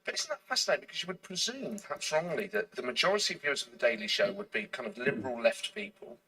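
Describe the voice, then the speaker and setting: A man's voice: fairly high pitch, big pitch swings, quick pace, pushed and bright, low-quality recording. A man interviewing a guest, asking long, thoughtful questions. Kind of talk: casual interview.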